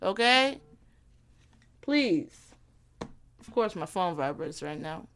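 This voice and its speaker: A woman's voice: fairly low pitch, slight background noise. A young woman from Gary, Indiana, hosting her own podcast in a brash, profane, teasing comedic monologue. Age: young adult. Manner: brash, profane and animated, quick to tease. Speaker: podcast host.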